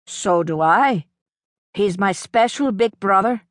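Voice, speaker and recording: A woman's voice: mid-range voice, animated, takes it slowly, no echo, clean studio sound. A woman reading an audiobook, voicing an affectionate young mother who talks fondly to her little child. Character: young mother, fond and teasing.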